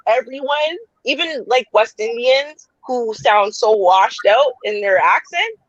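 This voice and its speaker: A woman's voice: fairly high pitch, slow, dry recording, highs cut off. A woman raised in Canada, hosting a casual chat and telling stories with frequent laughs. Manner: laughs often, relaxed storytelling. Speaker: podcast host.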